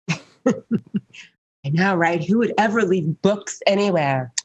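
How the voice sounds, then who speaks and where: A woman's voice: on the low side, lively intonation, takes it slowly, darkish tone, breathy edge, muffled recording. A woman playing a tabletop game, playful and teasing with the others. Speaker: player.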